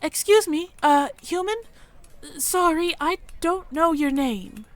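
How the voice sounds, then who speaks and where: A woman's voice: very high voice, lively intonation, slow pace, no echo, pitched above the performer's own voice, full character voice. A woman voicing a shy, nervous young female mouse villager in a game, stammering and apologizing. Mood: timid, flustered.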